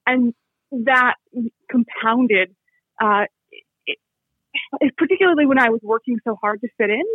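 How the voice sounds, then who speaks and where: Speaking a little slowly in a very high-pitched, husky voice, the Canadian author reflects thoughtfully as an interview guest and often starts his sentences again. The recording is dry, with a tinny sound like a phone line.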